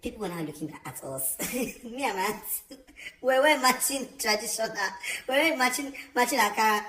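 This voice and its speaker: A young man telling a storytime vlog, chatty and animated, with many fillers. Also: extremely high pitch, normal speed. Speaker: vlogger. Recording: roomy echo.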